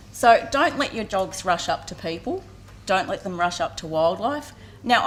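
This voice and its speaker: A woman's voice: lowish voice, a bit bright, a little hiss or hum. Earnest Australian woman giving a talk. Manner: earnest storytelling, acts out voices briefly. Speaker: community vet care speaker. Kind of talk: public talk at a campaign launch. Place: outdoor event with audience.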